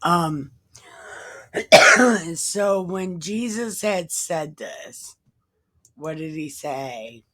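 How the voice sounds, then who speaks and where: A woman's voice: fairly low pitch, expressive, extremely slow, long pauses, fairly bright tone. A woman reading Bible passages aloud and breaking off for irreverent, profane, wisecracking asides in a casual tone. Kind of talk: casual scripture reading with commentary.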